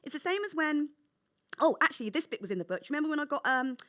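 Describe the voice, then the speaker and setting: Woman, from England, author, high voice, very lively pitch, animated storyteller. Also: very fast. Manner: animated storyteller, acts out her younger self. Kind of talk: conversational interview.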